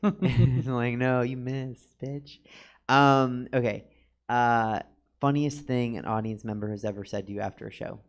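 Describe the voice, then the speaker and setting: A man's voice: mid-range voice, fairly even intonation. A man hosting a casual studio interview as a drag performer, joking and teasing his guest. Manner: joking, teasing, quick asides. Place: studio in a comedy theater.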